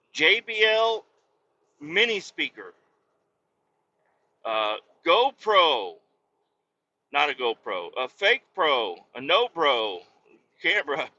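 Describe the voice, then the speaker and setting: A man with a bright, forceful voice that swings widely up and down, rambling and swearing as he drives his truck. The sound is a little dull and lo-fi, caught inside the cab of a rig on the highway. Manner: profane, rambling, loud outbursts. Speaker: podcast host. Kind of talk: rambling monologue while driving a truck.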